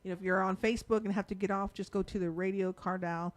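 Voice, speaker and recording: A woman's voice: medium pitch, fairly even intonation, quick pace. A woman, co-hosting a radio and TV show in casual, chatty talk, telling family stories. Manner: chatty storyteller, acts out voices in anecdotes. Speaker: radio and TV co-host. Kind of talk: casual on-air chat.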